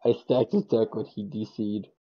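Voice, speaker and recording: A man's voice: fairly low pitch, steady tone, normal speed, lo-fi sound. A man giving casual, joking and profane commentary while playing an online card game. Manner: joking, profane, self-mocking.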